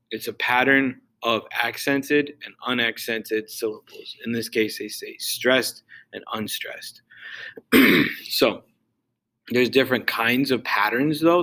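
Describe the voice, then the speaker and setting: A man's voice: on the low side, bright, forceful tone, poor audio. A male teacher giving a loose, casual recorded lesson, full of fillers and restarts.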